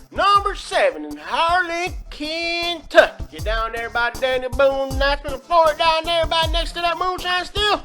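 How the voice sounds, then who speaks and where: A man's voice: very high-pitched, pushed and bright. A man hosting a comedic countdown, talking in a rambling, folksy, exaggerated drawl. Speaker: host of a countdown video.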